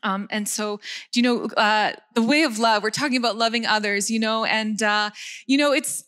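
A woman, giving a sermon in an animated way with frequent laughs and self-deprecating asides. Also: on the high side, normal speed. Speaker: preacher.

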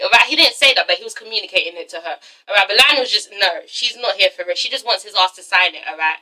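A woman's voice: mid-range voice, expressive, quick pace, hardly any pauses, pushed and bright, poor audio. A young woman casually recapping a TV episode, sassy and profane, ending lines with "okay?". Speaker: TV episode reviewer.

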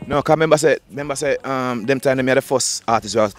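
A man with a Jamaican accent, a dancehall artist talking in an interview, fast and repetitive, often restarting his sentences. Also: medium pitch, faint music behind. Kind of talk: interview, casual talk.

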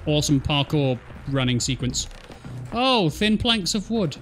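A man giving jokey, excitable let's play commentary, swearing at the game as he plays. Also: fairly high pitch, unhurried, soft background music. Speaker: gaming streamer.

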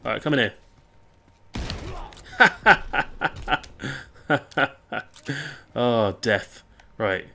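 A young male gaming YouTuber rambles casually over gameplay, swearing and reacting out loud to what happens. His voice is lowish and fairly bright, at a moderate pace.

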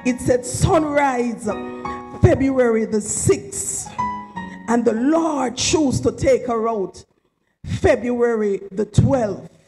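A woman's voice: fairly high pitch, slow pace, dark tone, faint music behind, rough recording. A woman giving an emotional, rambling, heartfelt tribute at a memorial service, near tears at times. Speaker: eulogy speaker at a memorial service.

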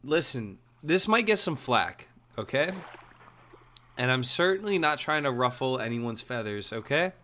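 A young man streaming, chatting casually and joking while he plays, his voice hoarse. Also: mid-range voice, measured pace, slight background noise. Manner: lively, chatty, jokey. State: hoarse, coughing. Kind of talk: casual chat while gaming.

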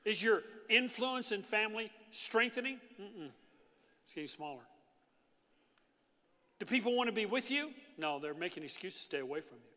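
A man preaching a sermon as pastor, in an animated, conversational way with frequent asides to the congregation. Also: high voice, moderate pace, long pauses. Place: large church hall. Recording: long church hall reverb.

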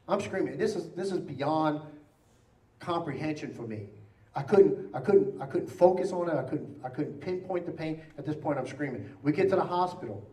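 A man preaching, telling a story in an animated way and acting out the lines of each person in it. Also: on the high side. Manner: animated, acting out quotes, repeats himself. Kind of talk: sermon storytelling. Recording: roomy church sound from a distant mic.

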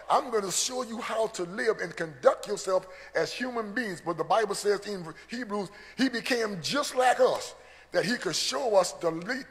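A man's voice: sits high, a bit bright. A man preaching a teaching sermon, earnest, often repeating words as he builds a point. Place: church. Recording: long church hall reverb.

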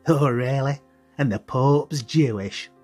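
Lively boy, quick with a joke, read by a male narrator in a storybook. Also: mid-range voice, husky, soft background music. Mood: joking. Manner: lively, joshing banter. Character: excitable joking young boy.

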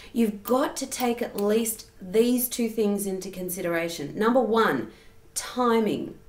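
A woman's voice: fairly high pitch, roomy sound. A woman giving a singing lesson, explaining step by step and breaking into sung examples. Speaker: singing teacher.

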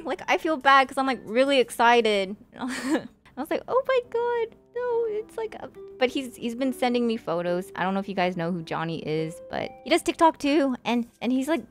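A woman's voice: mid-range voice, fairly bright tone. Chatty young woman streamer. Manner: chatty, many fillers like "like", emotional. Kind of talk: casual chat to stream chat.

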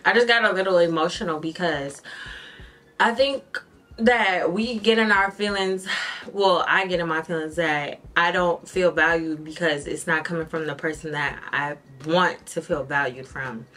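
A young woman vlogger chatting candidly to her viewers while doing her makeup, telling stories in an expressive way. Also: low-pitched, normal speed, hardly any pauses. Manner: candid, expressive storytelling, addresses viewers as y'all. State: tearful at times. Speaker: beauty vlogger. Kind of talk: casual get-ready-with-me chat.

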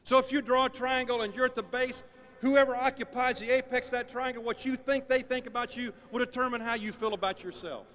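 A man giving a sermon-style talk, telling stories with emphatic, animated delivery. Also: very high voice, brisk. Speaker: speaker.

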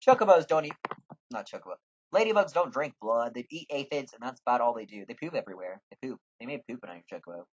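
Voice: medium pitch, animated, fast talker, breathy edge, dry recording, muffled recording. A gamer giving sarcastic, jokey commentary with some swearing while playing a fantasy game. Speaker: let's play gamer.

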